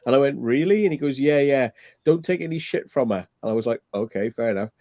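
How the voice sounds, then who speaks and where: A man's voice: medium pitch, fast talker, a little mellow, no room sound. A man hosting a loose late-night stream, telling rambling, crude anecdotes and swearing freely. His voice sits mid-range and sounds close and dry, with no room around it. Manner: rambling, profane storytelling with frequent laughs. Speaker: livestream host. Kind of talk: casual late-night chat.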